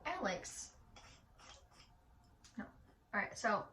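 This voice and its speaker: A young woman with a Michigan accent telling stories about her son in a casual, animated way, swearing now and then. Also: medium pitch, extremely slow, slight background noise. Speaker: mom vlogger. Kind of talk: casual storytelling while getting ready. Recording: echoey room from a distance.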